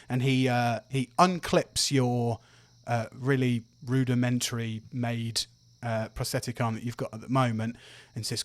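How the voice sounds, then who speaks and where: A man runs a tabletop game, setting scenes in an easy, meandering voice. His pitch sits mid-range and the sound is dry and close. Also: measured pace, dry recording. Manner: relaxed, descriptive, with fillers. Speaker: dungeon master.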